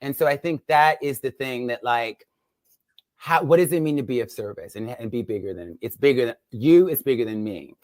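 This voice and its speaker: A woman's voice: rumbling low, lively intonation, normal speed, darkish tone, dry recording. A woman in her fifties, a guest speaking over a video call, telling candid stories between laughs in a casual chat. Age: 50s.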